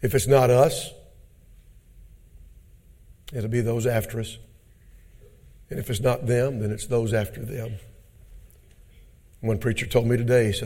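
A man preaching a fervent sermon at a church conference. He moves from hushed, low passages to loud, shouting climaxes and calls the congregation brethren. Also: level tone, a little slow, pauses often. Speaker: pastor.

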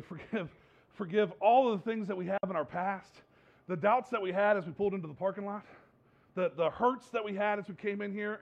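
A male pastor preaching a sermon in church in a conversational, animated way, repeating phrases for emphasis. His voice is high and gravelly. The recording sounds dull and lo-fi.

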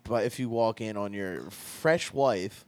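A man's voice: lowish voice, slow pace, darkish tone, no echo. A man co-hosting a podcast in casual chat, bantering crudely and laughing easily. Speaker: podcast co-host.

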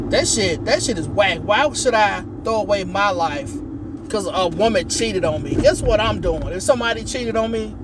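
A man's voice: high voice, lively intonation, moderate pace. A man hosting a podcast, talking bluntly in casual slang as he comments from inside a car. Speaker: podcast host. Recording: noisy car interior.

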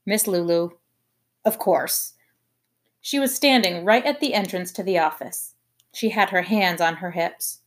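A woman's voice: fairly low pitch, unhurried. Woman reading a children's book. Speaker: audiobook reader. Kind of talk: scripted narration.

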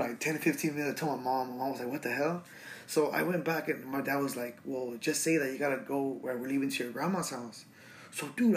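A man's voice: medium pitch, slight background noise. A man in his twenties from Los Angeles, casually telling a rambling story full of fillers and swearing. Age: 20s. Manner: rambling, profane, lots of fillers and restarts.

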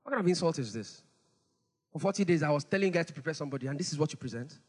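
A man voicing a boastful giant warrior who mocks his young opponent, in a lower, scornful tone. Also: animated, rapid-fire, husky. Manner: scornful, mocking. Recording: long hall reverb.

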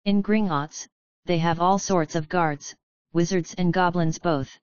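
A woman's voice: on the low side, fairly even intonation, unhurried, darkish tone, no echo, muffled recording, lightly acted. A woman doing an awkward young wizard.

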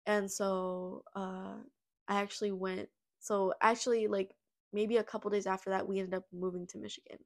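A woman's voice: medium pitch, vocal fry. A young woman podcast host telling her personal story in a confessional way, acting out the dialogue as she recounts it.

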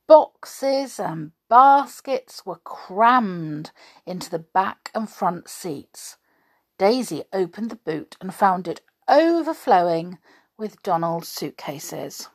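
A woman's voice: on the low side, expressive, slow pace. A woman reading a children's story aloud, then chatting in a homely way to her listeners. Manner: chatty, homely, laughing asides.

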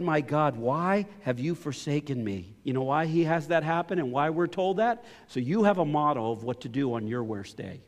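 Preaching man in a reverberant hall. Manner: impassioned, rising to loud pleading then dropping low. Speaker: pastor. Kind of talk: sermon.

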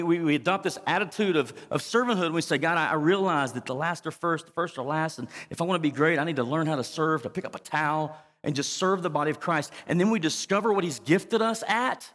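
A man's voice: a little high, long reverb tail. A man preaching a sermon to his congregation as pastor, emphatic and often asking the crowd to respond. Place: church.

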